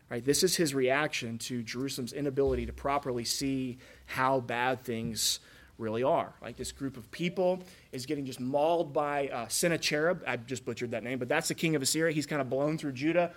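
A pastor preaching a conversational sermon, checking in with listeners through frequent asides. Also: male voice, mid-range voice, fairly even intonation, a little fast.

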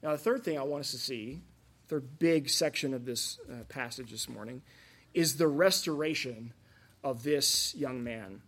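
A man's voice: mid-range voice, a little slow, fairly bright tone, husky. A man preaching a sermon, earnest and conversational, with asides and rhetorical questions to the congregation. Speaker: pastor.

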